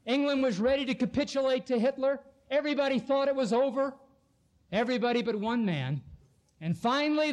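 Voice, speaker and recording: A man preaching a sermon with an impassioned, oratorical delivery, slowing down dramatically to stress key lines. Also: very high-pitched.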